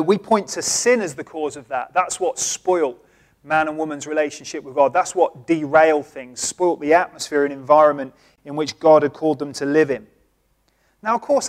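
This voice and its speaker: Middle-aged male pastor, high voice, earnest sermon delivery. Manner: earnest, builds to loud emphatic reading.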